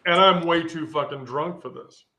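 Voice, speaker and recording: A woman's voice: sits low, moderate pace, bright, forceful tone. A woman hosting a live social stream, telling a rambling, profane story full of asides.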